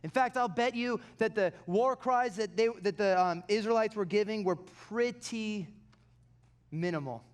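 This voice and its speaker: A pastor preaching a sermon, telling stories animatedly and dropping into quiet, intense passages. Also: male voice, high-pitched, measured pace.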